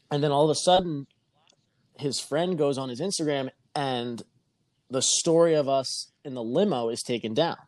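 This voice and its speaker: A medium-pitched man, with no echo in the recording, relates a long story on a relaxed podcast. He swears freely and gets animated, performing the quoted voices of others.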